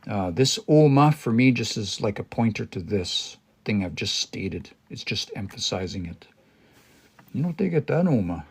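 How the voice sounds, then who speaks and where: A man's voice: lowish voice, sing-song, moderate pace, husky. A man teaching a language on a livestream, thinking aloud and explaining word by word, with many restarts and hesitations.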